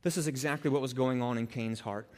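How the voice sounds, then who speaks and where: A male pastor preaches with lively energy, slipping into the voices of the people in his stories. His voice sits at an ordinary middle pitch and rings with a long reverb, as in a large hall. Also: fast. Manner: animated preaching that acts out quoted people. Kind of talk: sermon.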